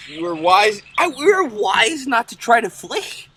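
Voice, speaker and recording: A man's voice: very high voice, sing-song, unhurried, bright, forceful tone. A man giving joking, giggly commentary over a game video.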